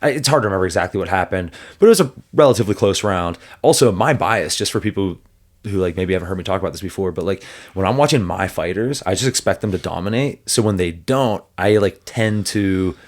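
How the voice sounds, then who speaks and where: Laughing, animated storyteller man, low voice. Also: quick pace. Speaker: MMA coach and podcast co-host. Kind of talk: casual podcast chat.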